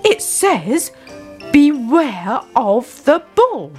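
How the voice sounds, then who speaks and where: A stern but kindly farmer scolds and lectures, played by a woman reading a storybook. His voice rises and falls widely as he explains a lesson. He speaks slowly and deliberately. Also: very high-pitched, sing-song, darkish tone, faint music behind, voice pushed up, exaggerated voice. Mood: scolding.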